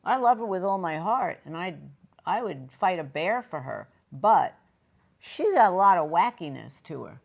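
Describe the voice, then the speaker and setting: A woman's voice: fairly low pitch, sing-song, normal speed, creaky. Candid, chatty woman co-host. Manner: chatty, candid, self-interrupting. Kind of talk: casual chat.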